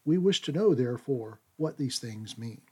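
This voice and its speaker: A man co-hosting a radio program, reading scripture in a steady, measured way. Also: medium pitch, breathy edge. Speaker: co-host.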